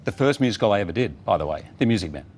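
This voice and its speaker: A man with an Australian accent, a guest in a casual interview, telling a story with lively acted quotes. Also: lowish voice, racing, a little hiss or hum. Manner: animated storyteller, acts out quotes. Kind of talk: casual chat.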